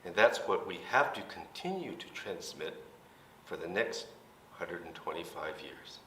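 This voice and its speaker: A seventy-year-old man, a minister, explaining things gently and patiently in a light comedic skit. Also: low-pitched, big pitch swings, a little slow, a little hiss or hum. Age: 70s. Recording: roomy hall, mic at a distance.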